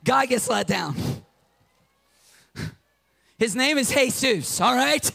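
Brief: high-voiced male pastor, passionate sermon delivery. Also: expressive, slow, gravelly. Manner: passionate, swings between loud and hushed.

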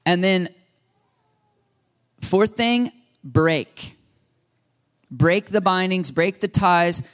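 A man in his thirties delivers a sermon in a relaxed, conversational way. His voice sits a little high for a man. He repeats key points and breaks into short laughs. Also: extremely slow, pauses often. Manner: conversational, repetitive, laughing asides. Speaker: pastor.

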